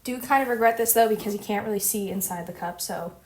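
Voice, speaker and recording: A woman's voice: medium pitch, fast talker, slight background noise. A young woman vlogging a casual how-to at home, chatty, playful and gushing as she talks.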